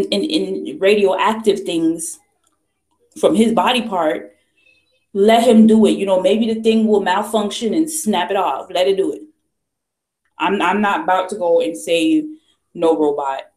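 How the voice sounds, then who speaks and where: Woman vlogger, mid-pitched, ranting and emphatic, lots of rhetorical questions, roomy echo. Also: fairly even intonation, measured pace, long pauses, darkish tone. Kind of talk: ranting commentary. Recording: echoey room.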